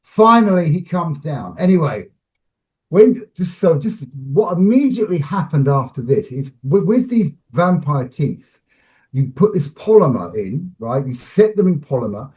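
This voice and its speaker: A man with a fairly high voice spins behind-the-scenes stories for an interviewer. He talks in lively bursts, restarting phrases and acting out the scenes as he goes. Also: a little slow. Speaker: film director and actor, interview guest. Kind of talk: animated anecdotal storytelling.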